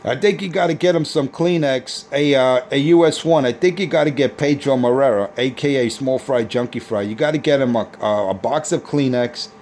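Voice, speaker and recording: A man's voice: mid-range voice, moderate pace, few pauses, noisy background. A man on a CB radio taunting rival operators in a boastful, repetitive way. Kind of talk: trash-talking radio banter.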